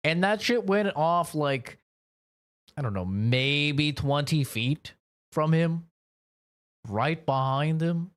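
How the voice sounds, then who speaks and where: A young man with a clear, resonant, medium-pitched voice streams a game, giving laid-back, casual commentary. He rambles profanely, swearing a lot, laughing, and leaning on filler words like "like."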